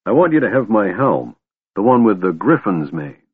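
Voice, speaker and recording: A man voicing Flint, a gruff dying old dwarf. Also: fairly low pitch, very animated, normal speed, dry recording. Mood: gruff fond. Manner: grumbling, affectionate. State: weak, fading. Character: dying old male dwarf warrior, gruff but fond. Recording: dry thin phone-like audio.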